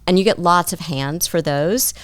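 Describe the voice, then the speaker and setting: Low-voiced woman therapist, dry and close. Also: moderate pace, dry recording. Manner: thoughtful, explains through client stories. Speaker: psychotherapist guest. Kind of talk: conversational advice.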